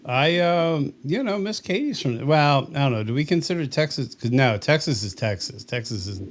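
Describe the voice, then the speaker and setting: A man's voice: a little high, lively intonation, moderate pace. A man in a casual group chat, rambling through laughing anecdotes.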